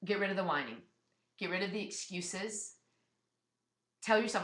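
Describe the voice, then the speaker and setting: A woman's voice: medium pitch, expressive, normal speed. A woman fitness business coach giving a blunt, emphatic motivational webinar talk. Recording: echoey room.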